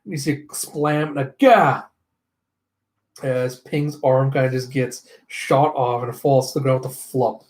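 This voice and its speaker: A man with a mid-range voice hosts a casual comic readthrough. He narrates in a chatty, relaxed manner, sprinkling in spoken sound effects. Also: medium pitch, measured pace.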